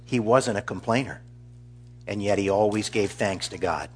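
Middle-aged male pastor, low voice, earnest eulogy delivery. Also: slight background noise. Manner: earnest, measured, warmly storytelling. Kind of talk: funeral eulogy.

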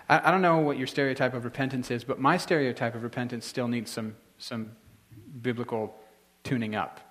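A man's voice: mid-range voice, a bit bright. A married man preaching a sermon in a casual, conversational way, with frequent restarts and filler words. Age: adult, married. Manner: conversational, halting with many restarts. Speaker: pastor.

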